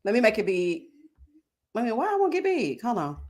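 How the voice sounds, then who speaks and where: Woman, livestream host, casual chat, lively swooping pitch, slightly high voice, laughs a lot, drawled endearments. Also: fast. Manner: animated, laughing, drawling endearments like "baby" and "child". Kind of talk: casual live chat commentary.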